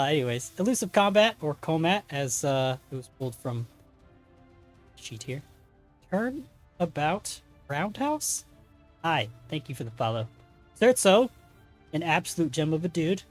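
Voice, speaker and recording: A man hosting a tabletop stream as game master, chatting casually through announcements with many fillers and self-corrections. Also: on the high side.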